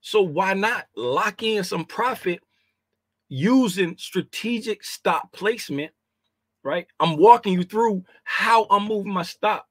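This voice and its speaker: A man's voice: high-pitched, animated, slow, no room sound, clean studio sound. A man casually teaching a trading lesson, emphatic and repetitive, using slang and often asking "right?". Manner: informal slangy speech. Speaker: trading educator.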